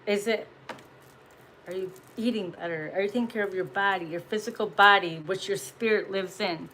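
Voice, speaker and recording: A woman at a mid pitch talks straight to her viewers as a tarot reader. Her delivery is blunt and peppered with swearing, broken up by frequent laughs and punchy emphasis. Faint ambient noise sits underneath. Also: moderate pace, pushed and bright, low-quality recording. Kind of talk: casual spiritual message monologue.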